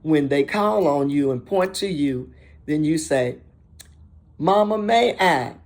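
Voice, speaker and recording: An older woman hosting an inspirational talk show, speaking emphatically and repeating and listing words in a steady rhythm. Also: deep voice, measured pace. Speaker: host.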